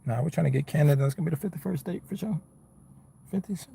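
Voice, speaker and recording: A man's voice: on the high side, quick pace, vocal fry, mellow, husky. A man, chatting casually with his viewers on a live stream from his car, laid-back and rambling, calling people bro and man. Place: inside a car.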